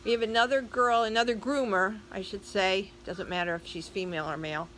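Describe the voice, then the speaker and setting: A woman's voice: mid-range voice, fairly even intonation, brisk, a bit bright, a little hiss or hum, poor audio. An older woman vlogger telling a story casually and chattily, speaking straight to her viewers.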